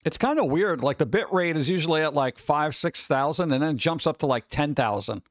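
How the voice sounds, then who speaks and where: A man's voice: fairly high pitch, animated, fairly quick, dry recording. A man hosting a casual livestream, rambling, exclaiming and grumbling at his connection as he chats with viewers. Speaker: livestream host. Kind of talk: casual live-stream chat.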